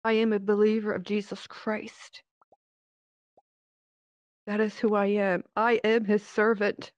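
A woman giving a personal faith testimony in an earnest, halting way, with many pauses and fillers, speaking into a VR headset microphone. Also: medium pitch, little pitch movement, no room sound. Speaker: church member giving a testimony. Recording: dull, dry lo-fi headset audio.

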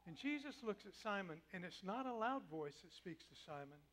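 A male preacher giving a dramatic sermon in a church sanctuary, swinging between loud declaiming and a soft hush. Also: sits high, big pitch swings, moderate pace.

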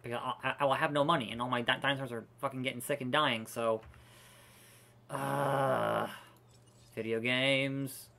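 Bright-voiced ranting male streamer. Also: mid-range voice, steady tone, fairly quick, vocal fry. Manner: profane, exasperated ranting with restarts. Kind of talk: casual gameplay commentary.

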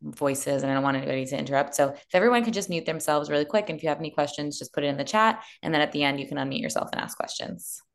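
A woman hosts a video call and hands out practical instructions in a brisk way. She talks fast, and her voice is very low for a woman. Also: lively intonation. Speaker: event host.

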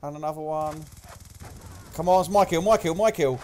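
A young man commentating live gameplay, swearing often and yelling at kills and deaths, with a slight cough. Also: a little high, moderate pace, a little hiss or hum. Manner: excitable, swears a lot, shouts at game events. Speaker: gaming commentator.

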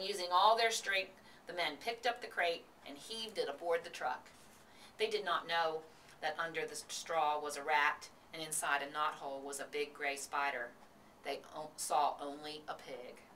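A woman reading a children's book aloud in a steady storytelling voice, recorded from a distance with faint hiss. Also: low voice. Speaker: reader.

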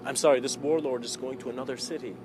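A man giving a spiritual lecture and telling a Zen story in a slow, reflective way. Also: mid-range voice, fairly even intonation, background noise. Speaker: spiritual teacher.

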